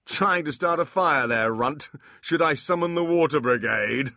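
A man's voice: medium pitch, very animated, slow pace, pushed and bright, dry recording, studio quality, pitched above the performer's own voice, exaggerated voice. A man voicing a mocking, bullying male demon leader who taunts a small imp. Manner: taunting, jeering.

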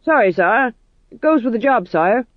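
Guy putting on a blunt shouty sergeant, keen to set things on fire, dry dull sound. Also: very high voice, animated, moderate pace, dry recording, pitched above the performer's own voice. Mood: eager. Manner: barking, blunt. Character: loud, overeager male sergeant, eager to burn things. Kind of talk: audiobook narration.

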